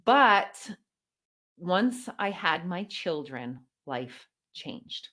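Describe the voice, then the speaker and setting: Middle-aged Canadian woman, keynote speaker; slightly low voice, polished broadcaster polish with lively storytelling emphasis. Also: drawn-out words. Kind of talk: motivational keynote speech.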